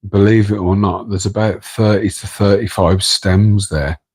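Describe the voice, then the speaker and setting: A man's voice: lowish voice, steady tone, unhurried, darkish tone, husky, poor audio. A man with an English Midlands accent, hosting a casual late-night live stream from home, rambling and joking with viewers in chat while keeping his voice down. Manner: rambling, self-deprecating, chatting to viewers in chat; keeping his voice down so as not to wake his partner. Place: home, room next to an aquarium tank. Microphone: microphone on a tripod.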